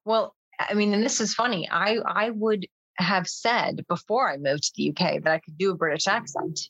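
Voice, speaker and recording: A woman from the United States hosting a casual chat, relaxed and laughing often. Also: medium pitch, normal speed, slightly rough, no echo.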